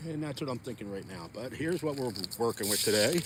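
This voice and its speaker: A man's voice: medium pitch, expressive, fairly quick, few pauses, slight background noise. A chatty, folksy man vlogging outdoors on a frozen lake, talking straight to his viewers. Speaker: fishing vlogger. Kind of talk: casual outdoor vlog talk.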